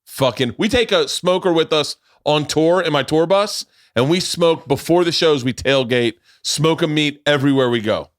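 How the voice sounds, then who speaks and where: A man's voice: on the high side, normal speed, few pauses. A man in his forties hosting a podcast from his home studio, chatting casually in a rambling way and swearing freely. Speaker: podcast host. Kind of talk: casual chat.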